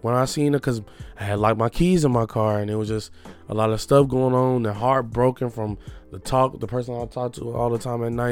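A young man making a personal confession in a halting, reflective way, often restarting his sentences. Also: mid-range voice, darkish tone.

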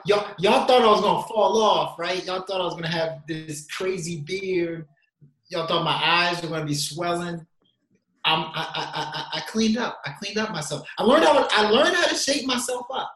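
A man's voice: fairly high pitch, normal speed, a bit bright, a little hiss or hum. Laid-back joking man on a roomy call. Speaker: podcast co-host. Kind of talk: casual chat. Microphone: video call.

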